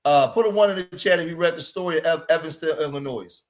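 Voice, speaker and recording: A man hosting a livestream, pressing his point with emphatic, preachy repetition. His voice sits a little high for a man. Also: quick pace, hardly any pauses. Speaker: livestream host. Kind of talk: livestream commentary.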